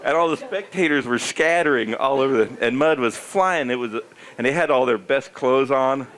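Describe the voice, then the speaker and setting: A man's voice: normal speed, a crowd in the background. A middle-aged American man, a former pro bike racer, telling a comic story to a live audience. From United States. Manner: animated, jumps into high squeaky character voices for quoted people.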